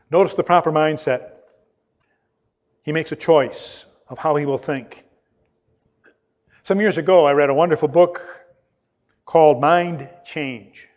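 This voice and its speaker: Preacher guy, kinda high voice, reads scripture with fervor, muffled lo-fi audio. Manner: reads scripture aloud with rising fervor, slows to stress key words. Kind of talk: sermon. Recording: dull lo-fi sound.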